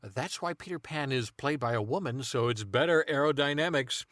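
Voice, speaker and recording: A man improvising absurd comedy in a rambling, deadpan way, full of ums and uhs. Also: medium pitch, moderate pace, a little hiss or hum.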